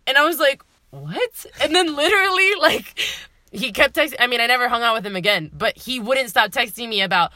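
A woman's voice: high voice, a little fast, no room sound, studio quality. A young woman co-hosting a casual chat podcast, telling stories with lots of swearing and acted-out dialogue. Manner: animated storyteller, swears freely, acts out dialogue. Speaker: podcast co-host.

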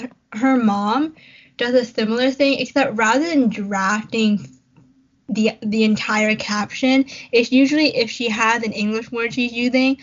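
A young woman chatting casually on a podcast, teasing her co-host and asking follow-up questions. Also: on the high side. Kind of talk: casual chat. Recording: dull lo-fi sound.

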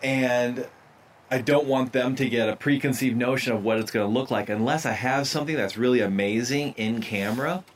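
A man's voice: medium pitch, moderate pace, far from the mic, slight background noise. A man hosting a podcast outdoors at his house, rambling in a casual way with plenty of fillers. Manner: rambling, conversational, many fillers. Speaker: podcast host, photographer.

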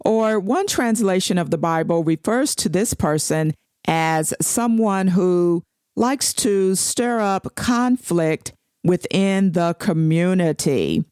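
A woman reads scripture at a slow, deliberate pace and stops to explain each verse. Her voice sits a little low. The sound is dry and close, with no room around it. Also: expressive, darkish tone, clean tone, no room sound. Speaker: Bible teacher. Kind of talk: devotional Bible teaching.

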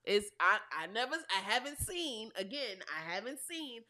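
High, bright-voiced teasing woman. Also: sing-song, normal speed. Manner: teasing, laughs a lot. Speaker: podcast co-host. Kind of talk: casual banter.

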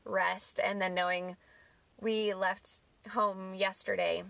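A woman's voice: medium pitch, little pitch movement, takes it slowly, vocal fry, a bit bright, no room sound. A woman co-hosting a podcast in casual chat, easygoing and reflective.

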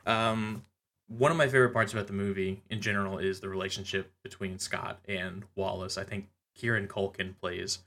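Low, bright-voiced man recapping a comic. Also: little pitch movement, normal speed. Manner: laughs often, loose and chatty with frequent fillers. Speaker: podcast co-host. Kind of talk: casual chat recapping a comic.

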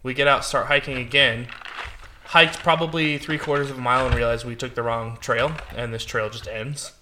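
A man with a bright, forward voice tells an easygoing, profane anecdote in casual chat among friends. A faint hiss sits under his voice. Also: mid-range voice, steady tone, normal speed.

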